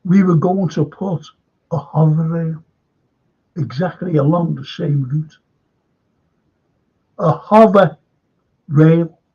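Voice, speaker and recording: An older Liverpudlian man hosts a casual live stream, his voice gravelly and husky and pitched a little high for a man. He rambles through opinions and greets chatters by name, and it all comes through dull, lo-fi stream audio. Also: steady tone, measured pace, mellow. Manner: rambling, chatty, greets viewers and reads chat comments. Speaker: live stream current affairs host.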